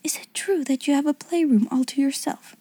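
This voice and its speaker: A woman's voice: high voice, very animated, a little slow, mellow, dry recording, voice pushed up. A woman voicing a shy, awestruck young schoolgirl in a breathless whispered role-play. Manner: breathless, timid, wide-eyed.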